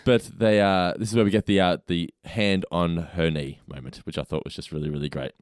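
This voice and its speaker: A man's voice: low voice, steady tone, fairly quick, smooth, no echo, studio quality. A man co-hosting a podcast, recapping episode scenes in a chatty manner and laughing easily. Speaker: podcast co-host. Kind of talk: casual review chat.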